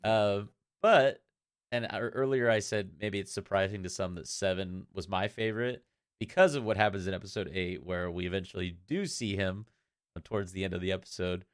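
A man with a fairly low voice co-hosts a casual fan podcast, rambling through his thoughts with animated asides. He laughs often as he talks. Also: normal speed, clear, resonant tone. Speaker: podcast co-host.

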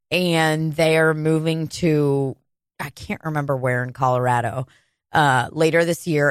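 A woman in her thirties from Kansas City, telling a casual, profane, animated story on a podcast. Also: deep voice, smooth, no echo. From Kansas City, United States.

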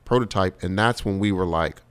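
Animated New comedian, low voice. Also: male voice, brisk, clear, resonant tone. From New York. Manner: animated storyteller, swears freely, acts out quotes. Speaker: comedian guest. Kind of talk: casual podcast chat.

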